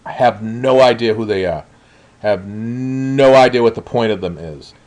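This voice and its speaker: A man's voice: mid-range voice, a little slow, a little mellow. A man reviewing a show in a blunt, exasperated way, with frequent ums and uhs. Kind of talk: spoken review.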